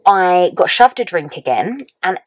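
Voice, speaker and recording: A young woman telling a personal story to camera in a chatty, animated way, full of "like" and acted-out reactions. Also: lowish voice, a little slow, no room sound, muffled recording. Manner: chatty, animated, lots of "like", acts out her own reactions. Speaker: vlogger.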